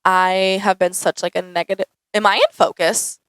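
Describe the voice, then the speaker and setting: A woman's voice: mid-range voice, moderate pace, clean tone, no room sound, low-quality recording. A young woman answering viewer questions in a casual, chatty vlog, saying "like" a lot. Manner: chatty, says "like" often, animated. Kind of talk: casual Q&A chat. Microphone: camera mic.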